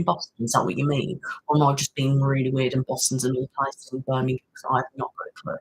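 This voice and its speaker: A woman's voice: extremely low pitch, little pitch movement, quick pace, hardly any pauses, husky, poor audio. A woman hosting an ASMR live stream, chatting casually and thanking viewers by name. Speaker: ASMR channel host. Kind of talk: casual live-stream chat reading comments. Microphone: studio mic.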